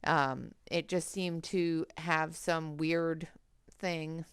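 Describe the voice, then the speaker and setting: A woman hosts a relaxed colouring livestream from her home desk and talks into a headset. She speaks slowly with a gravelly edge, chatting and greeting viewers by name, and the sound is close and dry. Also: deep voice, no echo. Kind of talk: casual livestream chat while colouring.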